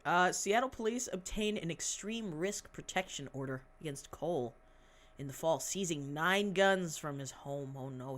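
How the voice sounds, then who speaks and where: Reading news articles aloud on a podcast, the host uses a medium-pitched, slightly bright voice. Casual sarcasm runs throughout, with frequent swearing and mocking interruptions of the text.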